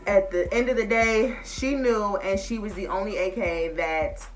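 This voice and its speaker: A woman's voice: mid-range voice, fairly even intonation, normal speed, soft background music. A young woman, chatting casually and emotionally to her viewers as y'all. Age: young adult. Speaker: vlogger. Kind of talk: casual chat to camera.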